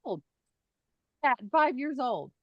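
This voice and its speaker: A middle-aged woman, a guest on a podcast, telling her own paranormal stories in a lively, chatty way and laughing often. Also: high voice, slow pace, no room sound, muffled recording. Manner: animated storyteller, laughs often. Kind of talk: casual podcast storytelling.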